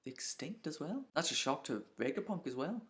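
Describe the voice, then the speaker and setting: Excitable young man reacting to manga. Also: a little high, fairly quick. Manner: excitable, thinking aloud. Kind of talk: casual reaction commentary.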